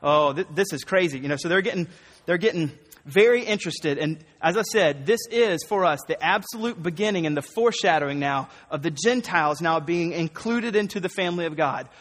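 A man preaching a conversational, animated sermon, often acting out the voices of the people he quotes. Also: on the high side, a little fast, long reverb tail.

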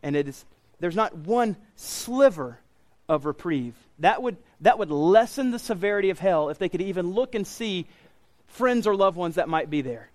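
A man's voice: high voice, expressive, moderate pace, a little mellow. Brief: male pastor preaching in church, emphatic and earnest, driving points home by repetition. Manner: earnest, emphatic, repeats key phrases. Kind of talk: sermon.

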